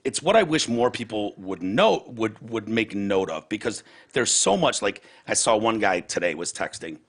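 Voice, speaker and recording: A man with a gravelly, husky voice hosts a podcast, talking in a heated, profane rant. His pitch swings widely as he acts out other people's words. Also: big pitch swings, normal speed. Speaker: podcast host. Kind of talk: casual chat.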